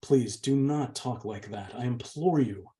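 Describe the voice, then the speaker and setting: A man's voice: medium pitch, measured pace, warm tone, distant mic, natural voice. A man reading aloud, voicing a bold young woman who earnestly reassures her younger sister. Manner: earnest, insistent. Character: bold, strong-willed young woman, the older sister and narrator. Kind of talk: audiobook reading.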